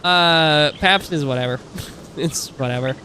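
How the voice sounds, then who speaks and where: A man's voice: a little high, unhurried, bright, forceful tone, a little hiss or hum. A man in his thirties chatting casually on a live stream, rambling through asides and laughing often.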